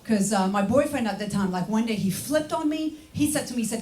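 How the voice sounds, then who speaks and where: A young French-born woman with French as her first language, telling stories in a deadpan stand-up set and acting out the people in them. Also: fairly high pitch, brisk, hardly any pauses. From France. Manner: deadpan storytelling, acts out quoted voices. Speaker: stand-up comedian. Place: comedy club stage. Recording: roomy club with audience noise. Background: audience laughter.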